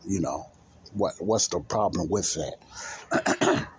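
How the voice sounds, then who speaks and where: A man's voice: low voice, takes it slowly, slight background noise. A man hosting a Christian talk show, talking earnestly and repetitively straight to his listeners. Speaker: podcast host.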